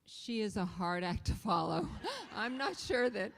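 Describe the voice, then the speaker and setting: Woman in her 60s, calm, soft-spoken, welcome speech, long reverb of a big hall. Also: medium pitch, measured pace, vocal fry, a little hiss or hum. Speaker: conference founder. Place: conference hall.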